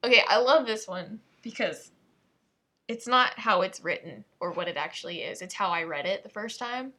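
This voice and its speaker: A woman's voice: mid-range voice, expressive, normal speed, bright, forceful tone, husky. A woman reading tongue twisters aloud and commenting on them in a playful, exasperated way, often breaking off mid-sentence. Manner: playful, exasperated, self-interrupting asides.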